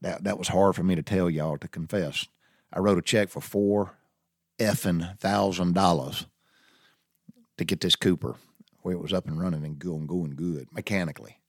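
A man's voice: sits low, steady tone, normal speed, no echo, clean studio sound. A man telling viewers a long personal story in a folksy, easygoing way. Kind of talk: casual anecdote told to viewers.

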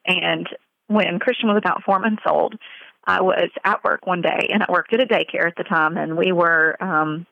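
A woman speaking in an interview as a mother, earnest and halting, with many fillers, on slightly muffled audio. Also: fairly low pitch, creaky, no echo. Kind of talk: emotional personal interview.

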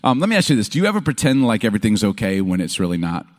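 Man, sermon, animated storytelling, swooping expressive pitch, stage talk. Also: racing. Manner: animated storytelling, acting out quotes. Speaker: pastor. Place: stage before an audience.

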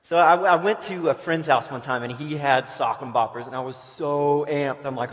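A man gives a casual, story-driven sermon at a middle pitch. He talks conversationally and restarts his sentences often. His voice rings with the long reverb of a large hall. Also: normal speed, hardly any pauses, fairly bright tone. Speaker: camp speaker.

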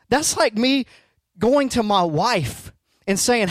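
A man's voice: sits high, lively intonation, extremely slow, long pauses, no room sound. A middle-aged man preaching a sermon as a pastor, conversational and emphatic, asking rhetorical questions.

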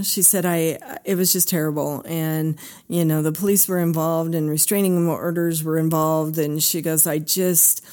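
Low, gravelly woman therapist telling a story. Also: mellow. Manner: earnest, acts out dialogue. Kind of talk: storytelling talk.

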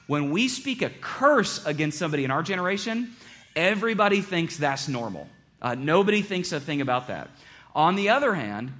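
A man's voice: a little high, a bit bright. A man preaching a sermon as a pastor, earnest and conversational, often repeating his phrases.

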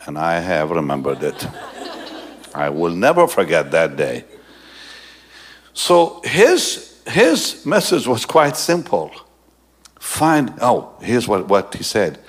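Pastor guy spinning a story in a sermon, husky, laughs a lot, voice swings all over. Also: slow, long pauses. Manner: animated storytelling, often laughing while talking; drops low and soft for the serious message.

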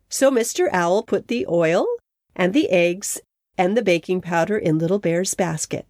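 A woman narrating a children's story in a gentle, measured way. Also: on the low side, no room sound, clean studio sound.

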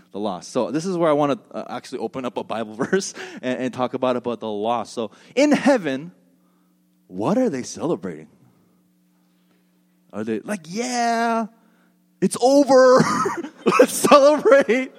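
A man preaching a sermon as pastor, animated and joking in a conversational way. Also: fairly high pitch. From United States.

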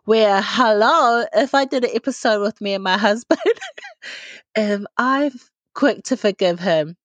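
A woman in her thirties reflects on parenting in her solo podcast, talking candidly and confidingly and laughing at herself a lot. Her voice is mid-range and unhurried, with no echo.

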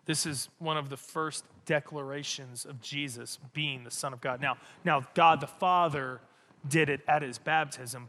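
An animated male pastor preaches in a high, bright, forceful voice. He is emphatic and often repeats himself, and his words ring with a long reverb through a large hall. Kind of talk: sermon.

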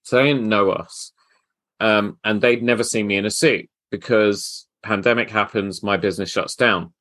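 A man who hosts a business podcast and works as a tailor, telling stories in a relaxed way. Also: on the low side, normal speed, no room sound. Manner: relaxed storyteller. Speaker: host, tailor. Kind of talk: casual interview chat.

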